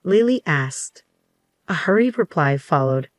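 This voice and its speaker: A woman narrating a story in an even, unhurried scripted delivery. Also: low voice, dry recording.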